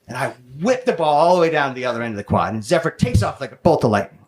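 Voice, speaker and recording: Animated man telling a stand-up story. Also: mid-range voice. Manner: animated, self-mocking, quick bursts with profanity. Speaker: stand-up comedian. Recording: loud background noise with audience laughter.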